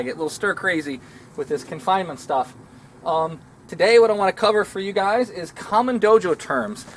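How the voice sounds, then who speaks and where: A man's voice: a little high, a little mellow, a little hiss or hum. A man, a martial arts instructor giving a rambling, self-deprecating outdoor lesson. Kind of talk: casual instructional talk.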